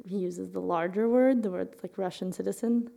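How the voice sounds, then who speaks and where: A woman's voice: medium pitch, normal speed, vocal fry, mellow. A woman co-hosting a podcast, explaining things in a rambling, casual way while searching for words. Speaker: podcast co-host.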